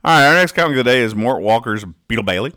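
A male podcast host reading comic strips aloud in a casual way, pausing often with "uh" and restarting sentences as he dryly explains each joke. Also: mid-range voice, animated, sharp tone. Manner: halting, with frequent "uh" and restarts, dryly explaining jokes. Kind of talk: casual read-aloud commentary.

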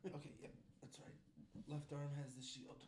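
A player at a tabletop game, joking with quick comebacks. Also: medium pitch, flat delivery, a little mellow, roomy sound, slight background noise. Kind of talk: casual tabletop play.

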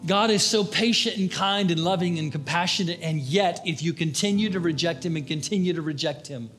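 Older guy preaching, high voice, goes from raised to hushed, quiet guitar behind. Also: brisk. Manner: impassioned preaching, rising and dropping to hushed tones. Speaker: pastor. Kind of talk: sermon.

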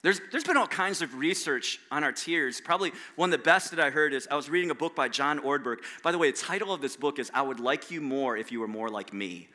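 A male pastor delivering a sermon in a high, strikingly bright and sharp voice. He speaks conversationally, pokes fun at himself, and often restarts his sentences. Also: quick pace, hardly any pauses. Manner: conversational, self-deprecating, with frequent restarts.

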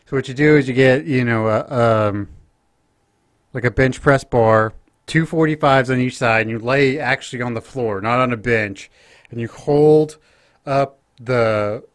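A man co-hosting a podcast in casual chat, speaking in a relaxed, hesitant way with many restarts. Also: mid-range voice, a little slow, no echo, clean studio sound. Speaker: podcast co-host.

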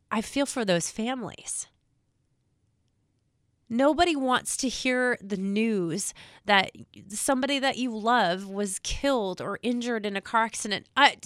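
A woman in public safety speaking straight to viewers, emotional and near tears, earnest and halting, repeating words as she talks. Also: on the high side, fairly bright tone, clear, resonant tone, dry recording, studio quality. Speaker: state trooper spokesperson. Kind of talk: emotional direct-to-camera talk.

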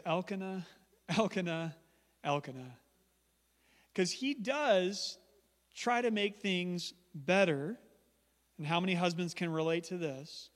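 A male pastor preaching a sermon in a church, conversational and emphatic with humorous asides. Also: fairly high pitch. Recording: long church hall reverb.

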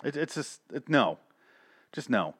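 A man's voice: medium pitch, sing-song, measured pace, fairly bright tone, husky, dry recording, studio quality. A man giving casual, rambling, sarcastic review commentary on cartoon episodes, swearing freely.

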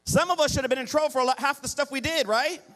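A man's voice: very high voice, rapid-fire, bright, forceful tone. A middle-aged man preaching a sermon as pastor, pleading with the congregation and calling for responses.

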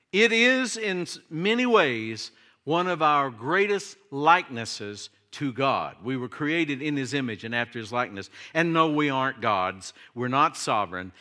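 Middle-aged man, pastor. Bright, forceful tone, conversational sermon delivery with asides to the congregation. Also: medium pitch. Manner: conversational preaching with rhetorical questions and humor.

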